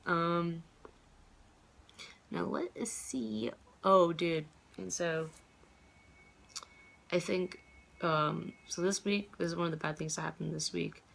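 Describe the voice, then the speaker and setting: Gravelly, low-voiced young woman vlogger. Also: fairly even intonation, slow, pauses often. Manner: rambling and filler-heavy, with frequent cursing. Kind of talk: casual vlog chat.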